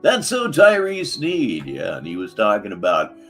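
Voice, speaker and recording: A man's voice: lowish voice, huge pitch swings, normal speed, a bit bright, soft background music. A man hosting a live stream, commenting sarcastically on clips between chats with viewers. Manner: sarcastic, mocking asides. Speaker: livestream host.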